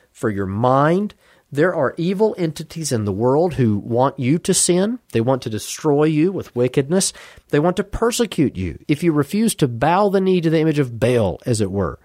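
A man preaching an expository sermon, earnest and measured, driving points home with emphatic repetition. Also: on the high side, a little mellow, no room sound, clean studio sound.

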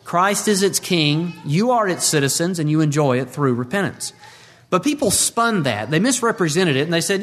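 A pastor delivers a sermon in an earnest, deliberate way, stretching out the words he wants to land. His voice sits a little higher than most men's. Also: animated, a bit bright. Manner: earnest preaching, stretches key words slowly.

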